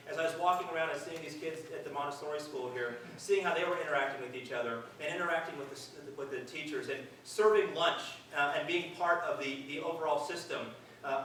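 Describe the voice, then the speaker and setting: A man's voice: fairly high pitch, fairly bright tone, a little hiss or hum. A middle-aged man giving a public speech at a live event, conversational and earnest with dry self-mocking humor. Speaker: event speaker. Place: large hall at a live event. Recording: very echoey hall, distant mic.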